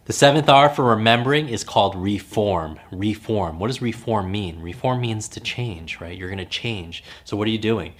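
A man's voice: on the low side, animated, normal speed, hardly any pauses. A man hosting a podcast as a memory coach, teaching in an emphatic, coaching way and repeating key phrases for effect. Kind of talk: instructional podcast talk.

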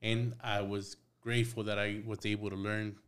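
A man's voice: on the low side, flat delivery, normal speed, fairly bright tone. Young tattoo guy on a podcast, chill, swears constantly, does little voices for what people said. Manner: laid-back, swears a lot, acts out quotes. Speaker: podcast guest, tattoo artist. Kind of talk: casual storytelling chat.

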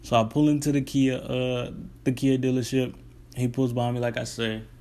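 Speaking at a moderate pace in a mid-range voice, a young man who drives deliveries spins a long, meandering tale about the work. He's relaxed and colloquial, restarting as he goes.

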